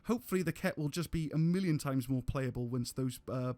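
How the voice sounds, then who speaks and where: A man's voice: medium pitch, fairly quick, warm tone, no room sound. A man giving casual gameplay commentary on a live stream, rambling with restarts and casual swearing.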